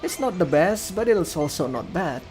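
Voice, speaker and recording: A man's voice: sits high, very animated, moderate pace, darkish tone, soft background music. A young man streaming a game, chatting in a rambling, casual way with clumsy grammar. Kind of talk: casual chat while playing a game. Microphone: desk microphone, no camera.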